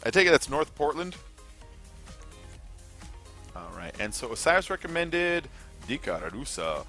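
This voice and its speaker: A man's voice: on the high side, very animated, measured pace, pauses often, sharp tone. A man chatting casually on his live gaming stream, rambling and swearing now and then, with music playing behind him. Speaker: gaming livestreamer.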